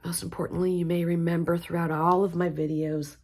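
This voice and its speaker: A woman leading a guided mantra practice, speaking gently and encouragingly. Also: lowish voice, flat delivery, fairly quick, hardly any pauses, slight background noise. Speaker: spiritual teacher.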